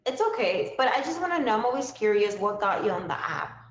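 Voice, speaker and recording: A woman's voice: mid-range voice, sing-song, fairly quick, reverberant, lo-fi sound. A woman hosting a casual live-stream talk show, upbeat and chatty with lots of fillers. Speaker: livestream show host.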